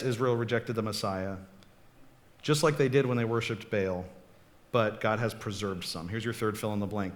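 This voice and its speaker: A man preaching a casual, conversational sermon as pastor, often checking in with the congregation. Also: mid-range voice. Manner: chatty, checks in often with "okay?" and "right?".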